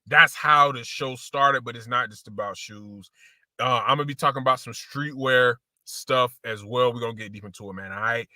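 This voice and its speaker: A man's voice: mid-range voice, moderate pace, sharp tone, no echo, clean studio sound. A man hosting a casual sneaker show, talking slangy and loose, repeating phrases and calling his viewers y'all.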